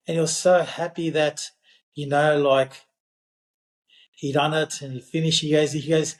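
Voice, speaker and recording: High-voiced man telling a yarn. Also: steady tone, normal speed, roomy sound. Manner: rambling anecdote with many fillers. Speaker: podcast guest, parkrun regular. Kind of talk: casual storytelling chat.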